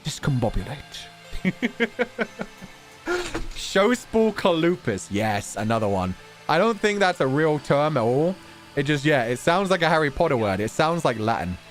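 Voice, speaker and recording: Lively, animated male streamer. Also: on the high side, normal speed, soft background music. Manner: animated, playful with words, swears casually. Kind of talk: casual chat and reading donations.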